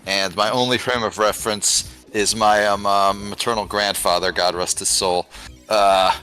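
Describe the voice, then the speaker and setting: A man's voice: fairly low pitch, little pitch movement, moderate pace, bright, forceful tone, faint music behind, low-quality recording. A man hosting a casual let's play, laid back, swearing and filling with ums. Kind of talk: casual gaming commentary.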